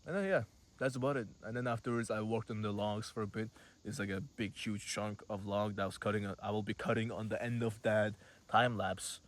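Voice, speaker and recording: A man's voice: fairly low pitch, fairly even intonation, a little fast. An 18-year-old man telling a rambling, casual story to camera, full of fillers and swearing. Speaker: vlogger.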